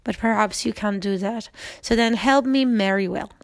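A woman's voice: mid-range voice, moderate pace, vocal fry, dry recording, close to an everyday voice. A woman reading the lines of an earnest young noblewoman who does not want to marry, in a storybook reading.

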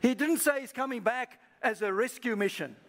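A man's voice: very high voice, normal speed, a bit bright. A man preaching a sermon as pastor to a live congregation, prompting the listeners to repeat phrases back to each other. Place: church service.

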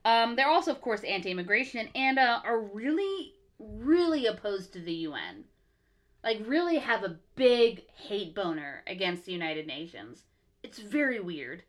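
A woman co-hosting a casual podcast, chatting with lively swearing and reading quotes aloud. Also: medium pitch, normal speed. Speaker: podcast co-host.

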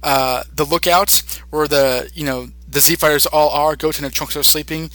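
Bright-voiced young man rambling a recap. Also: on the high side, steady tone, normal speed, dry recording. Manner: rambling retelling with many fillers. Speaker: podcast host. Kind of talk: casual episode recap.

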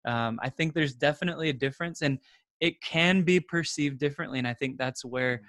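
A man's voice: fairly high pitch, brisk, a bit bright, no echo, studio quality. A man in his thirties, a podcast guest, who talks earnestly in a casual interview and repeats words as he thinks.

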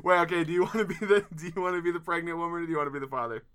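A joking man sets up an improv scene in casual chat. His voice is high and bright, and he talks quickly and directs the others. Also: clear, resonant tone. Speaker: improv performer.

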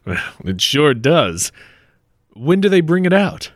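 A man's voice: a little high, big pitch swings, slow pace, no echo, clean studio sound. A man playing a friendly, bumbling grail hunter in a 1940s-style radio play, easygoing and a little stammering.

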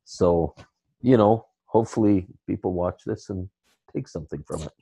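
A man's voice: low-pitched, moderate pace, mellow, breathy edge, dry recording. A man hosting an interview podcast, easygoing and laughing along as he wraps up.

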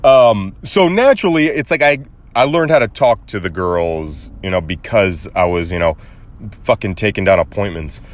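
A man's voice: low voice, normal speed. A young man from Arizona telling a casual story on his podcast, swearing freely and acting out the people in it. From Arizona, USA. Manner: animated, acts out quoted voices, swears casually. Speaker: podcast host.

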